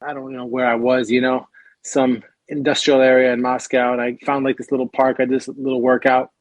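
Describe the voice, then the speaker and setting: A man guest on a podcast, telling a lively story and acting out other people's lines in raised voices. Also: mid-range voice, a little fast, dry recording. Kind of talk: animated storytelling.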